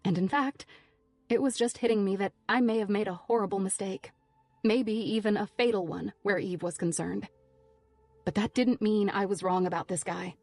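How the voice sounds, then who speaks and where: A woman's voice: mid-range voice, normal speed, darkish tone, no room sound. A woman narrating a thriller audiobook in the first person, tense and driven.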